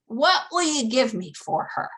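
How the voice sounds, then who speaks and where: A woman's voice: high-pitched, big pitch swings, unhurried, fairly bright tone, breathy edge, heavily acted. Woman voicing a grouchy half-blind osprey. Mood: gruff.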